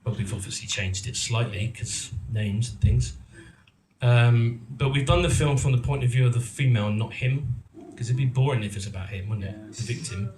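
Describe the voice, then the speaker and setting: A middle-aged man from England chats to a live audience, rambling and joking at his own expense, full of ums and false starts. His voice sits at an ordinary pitch and carries through a roomy, echoing event hall, with faint murmur behind him. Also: normal speed, darkish tone, a little hiss or hum. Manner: rambling and self-mocking, many ums and restarts. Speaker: actor and producer giving a talk. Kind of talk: casual storytelling to a live audience.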